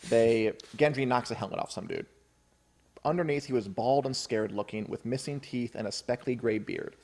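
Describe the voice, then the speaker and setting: A man's voice: mid-range voice, moderate pace, a little mellow. A man co-hosting a casual podcast about a book, chatty, laughing often and reading passages aloud. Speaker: podcast co-host.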